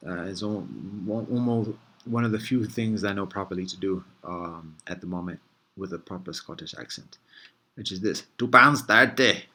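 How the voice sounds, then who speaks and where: A man's voice: low-pitched, steady tone, moderate pace, a little mellow. A man hosting a casual reflective monologue, thinking aloud in a meandering, easygoing way with frequent restarts and conversational slang. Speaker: host.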